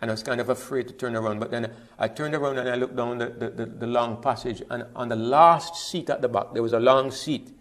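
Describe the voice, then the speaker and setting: A man's voice: medium pitch, steady tone, a little fast, few pauses, fairly bright tone. A middle-aged man with a Jamaican accent, telling a personal faith testimony in a reflective way, often repeating words as he restarts. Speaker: speaker giving a testimony.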